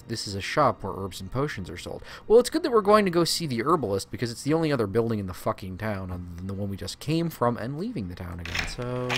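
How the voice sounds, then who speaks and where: A man streaming a game playthrough, reading the game's text aloud and adding sarcastic, profane asides. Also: lowish voice.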